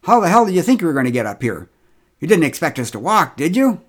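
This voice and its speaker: A man voicing a brash, bossy middle-aged woman who talks loudly and impatiently and swears freely. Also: medium pitch, sing-song, moderate pace. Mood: indignant.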